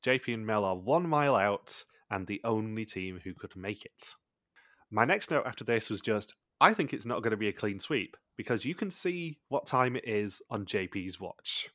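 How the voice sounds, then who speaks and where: Man, podcast host, casual recap chat, low voice, dry sound. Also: lively intonation, moderate pace, a bit bright, no room sound. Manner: chatty, recaps plot points in long runs.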